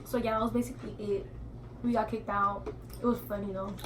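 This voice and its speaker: A young woman telling a story in an animated, slangy way, acting out what people said. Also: medium pitch, a little fast. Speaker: guest storyteller. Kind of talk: casual storytelling. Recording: off-mic voice with faint noise.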